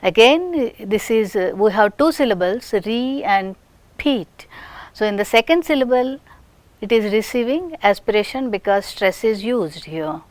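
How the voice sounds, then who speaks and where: A woman's voice: mid-range voice, lively intonation, dry recording. A woman from India with an Indian English accent, giving a recorded phonetics lecture and demonstrating sounds, sometimes in a whisper. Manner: slow, deliberate, demonstrating sounds with whispered examples.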